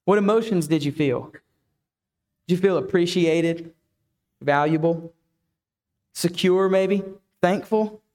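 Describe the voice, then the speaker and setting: Pastor guy preaching, reflective, lots of questions to the room, higher voice. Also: slow, long pauses, darkish tone. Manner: reflective, asks the listeners many questions. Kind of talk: sermon.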